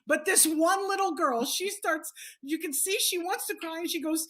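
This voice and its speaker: Brash bright-voiced Louisiana woman comic. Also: extremely high pitch, moderate pace. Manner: brash, profane, animated storytelling. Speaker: guest comedian. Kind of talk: casual comedic chat. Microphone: video call.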